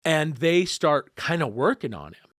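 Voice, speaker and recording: A man telling a personal story in a casual podcast conversation, animated and acting out the voices of the people involved. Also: on the high side, a little slow, no room sound, studio quality. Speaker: guest.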